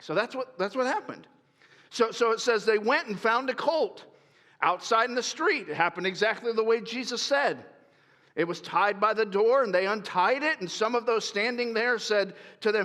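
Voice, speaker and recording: High, bright-voiced pastor preaching in a hall. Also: male voice, animated, normal speed. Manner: conversational preaching, acting out the disciples' voices. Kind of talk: sermon. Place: large church hall.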